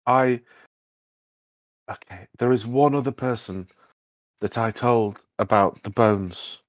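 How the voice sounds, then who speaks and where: A man voicing a young male altar boy with an oddly deep voice who speaks quietly and hesitantly. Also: slow pace, dry recording, close to an everyday voice.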